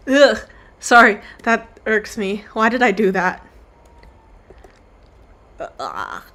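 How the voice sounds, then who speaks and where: A young woman draws on a stream and chats casually, rambling, apologizing for herself and slipping into silly voices. Her voice sits on the high side, with a sing-song lilt, a slow pace, and a pushed, bright quality.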